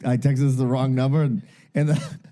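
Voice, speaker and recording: Rambling, foul-mouthed podcast co-host, mellow voice. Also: male voice, mid-range voice, flat delivery, a little fast. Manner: rambling, swears constantly, self-mocking bravado. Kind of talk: casual crude banter.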